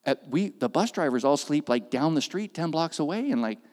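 Male preacher, fairly high voice, animated storyteller, long hall reverb. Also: brisk. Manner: animated, acts out quoted voices, swings from loud to hushed. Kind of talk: sermon storytelling.

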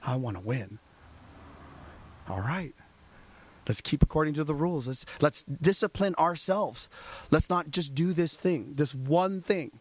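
A man preaches a sermon in an animated way. His voice sits a little high, and he keeps firing rhetorical questions at the congregation. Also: unhurried. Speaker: pastor.

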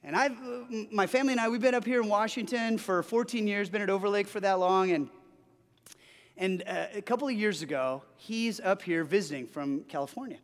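Man in his forties, pastor, sermon, high voice, animated storytelling, long hall reverb. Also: fairly quick. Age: 40s. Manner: animated storytelling with frequent restarts. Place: church sanctuary.

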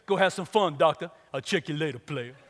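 A man's voice: fairly high pitch, a little fast, background noise, pitched below the performer's own voice, lightly acted. A male preacher voicing a huge, friendly nightclub bouncer who talks in slang. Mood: easygoing. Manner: laid-back, slangy, friendly. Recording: long reverb of a large hall.

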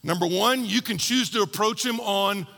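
Male pastor, sermon, bright tense voice, animated storytelling, echoey hall. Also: high voice, moderate pace, vocal fry.

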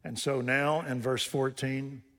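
A man preaching a sermon, swinging between loud rising emphasis and hushed, quiet passages. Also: medium pitch, fairly even intonation, unhurried. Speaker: pastor. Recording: long hall reverb.

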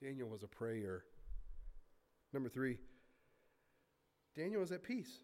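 A man preaching a sermon, reading scripture aloud and breaking into casual asides, swinging from loud emphasis to quiet, hushed remarks. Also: medium pitch, very animated, slow pace. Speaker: pastor.

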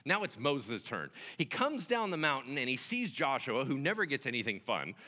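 Lively, animated male preacher. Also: mid-range voice, normal speed, big-room sound. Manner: animated storytelling, acting out dialogue. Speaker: pastor. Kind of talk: sermon.

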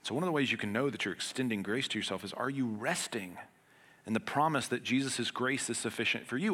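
A man preaching a sermon as pastor. He talks in an earnest, conversational way with everyday humor, swinging between loud emphatic passages and hushed ones. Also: mid-range voice, fast, slightly rough.

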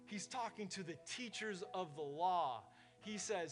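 A man's voice: high-pitched, a little slow, faint music behind. A man preaching a sermon in a casual, conversational way, full of fillers, in a church service held in a warehouse. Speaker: pastor.

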